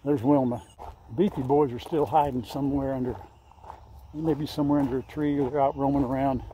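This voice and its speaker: Outdoors on his farm vlog, an older man rambles casually and coaxes his animals with affection. His medium-pitched voice is steady, mellow and fairly quick, with a little hiss or hum and faint crickets and insects behind him.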